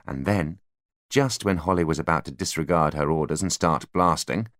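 A man narrating an audiobook in an expressive, dramatic way. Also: very deep voice, moderate pace, dry recording, studio quality. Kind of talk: scripted narration.

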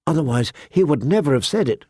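A man's voice: fairly high pitch, expressive, quick pace, darkish tone, slightly rough, no room sound, studio quality. A man voicing an earnest, naive teenage noble girl pleading for mercy in an audiobook reading. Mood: eager.

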